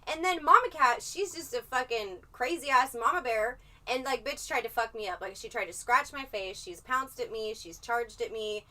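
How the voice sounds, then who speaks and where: Bright, sharp-toned woman streamer, far from mic. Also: on the high side, normal speed, few pauses. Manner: profane, rambling, animated storytelling. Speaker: livestreamer. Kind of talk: casual livestream chat.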